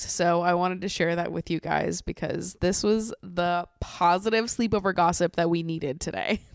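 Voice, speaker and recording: A woman's voice: fairly low pitch, smooth, dry recording, clean studio sound. A young adult woman hosting a casual chat podcast, bubbly and gushing, laughing often. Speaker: podcast host.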